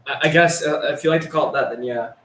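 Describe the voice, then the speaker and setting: A man's voice: medium pitch, fast, fairly bright tone, a little hiss or hum. Rambling, profane young man in an echoey room. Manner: rambling, profane, filler-heavy. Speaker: storyteller. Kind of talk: casual storytelling.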